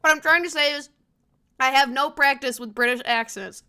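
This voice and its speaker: A woman's voice: sits high, normal speed, bright, forceful tone. An American woman streaming a game, chatting casually to herself, giggling and swearing often. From United States. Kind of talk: casual gameplay commentary.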